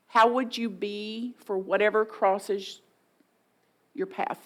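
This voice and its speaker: A woman's voice: medium pitch, unhurried, low-quality recording. A woman pastor giving a folksy, playful sermon in a church, often mimicking voices for humor. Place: church sanctuary.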